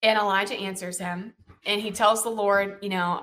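Woman, Bible teacher, bright voice, conversational storytelling, fillers, checks in with the listener. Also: medium pitch, fairly even intonation, moderate pace. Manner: chatty, full of fillers like "you know" and "like"; checks in with the listener with "right?" and "okay?".

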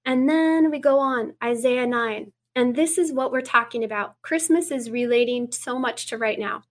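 A woman guest speaking earnestly in an interview, reading scripture aloud and dropping to a hush for quoted words. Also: on the high side, moderate pace. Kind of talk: preaching in an interview.

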